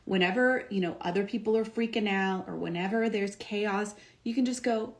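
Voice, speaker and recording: A woman's voice: mid-range voice, steady tone, moderate pace, hardly any pauses. A young woman talks on a livestream, upbeat and emphatic. Her voice sits in the middle of the usual range for a woman. She leans on "like" and "um" as she goes. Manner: upbeat and emphatic, filler-heavy with frequent "like" and "um". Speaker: doctor and wellness coach. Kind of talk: casual motivational talk on a livestream.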